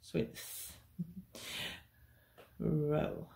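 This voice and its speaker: A woman's voice: extremely slow, mellow. A woman teaching a beginners' cake decorating tutorial, chatty and reassuring. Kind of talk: hands-on baking tutorial.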